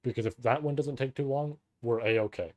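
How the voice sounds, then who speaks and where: A man streaming a live read-through of a novel, reading passages and breaking off into casual, profane, excited reactions. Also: medium pitch, normal speed, no room sound.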